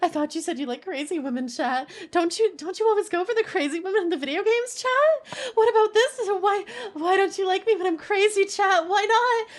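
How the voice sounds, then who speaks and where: A woman putting on a shrill unhinged yandere girl. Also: expressive, fairly quick, hardly any pauses. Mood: whiny, unhinged. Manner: shrill, pleading, possessive.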